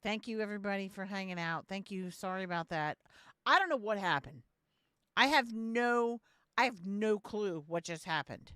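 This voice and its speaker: A woman's voice: medium pitch, moderate pace, pushed and bright, smooth, no echo, studio quality. A young adult woman streamer chatting casually on a live stream, blunt and profane, often repeating herself. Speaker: game streamer.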